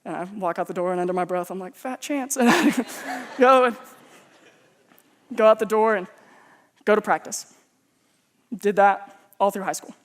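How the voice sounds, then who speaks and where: A man's voice: high voice, moderate pace, long pauses. A man from Texas preaching as a pastor, telling personal stories in a humorous, conversational, self-mocking way. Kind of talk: sermon with personal storytelling.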